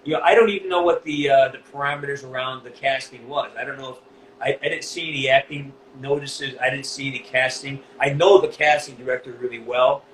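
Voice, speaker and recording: A middle-aged man from New England with a Northeastern US accent, speaking as an interview guest, blunt and animated, with a lot of swearing. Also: mid-range voice, brisk, roomy sound, slight background noise, rough recording. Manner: blunt, profane, animated storytelling. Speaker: voice actor guest. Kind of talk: candid interview.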